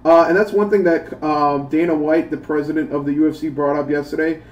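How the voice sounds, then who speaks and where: Profane, laughing gamer ranting off-mic. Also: male voice, a little high, fairly quick, far from the mic, highs cut off. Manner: profane, animated rant with bursts of laughter. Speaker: gaming YouTuber. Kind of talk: casual commentary while playing a mobile game.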